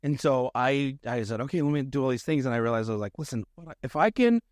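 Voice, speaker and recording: Middle-aged comic guy on a podcast, rambly and self-deprecating, mid pitch, dry close sound. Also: lively intonation, fast talker, dry recording. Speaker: guest comedian. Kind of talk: casual podcast chat.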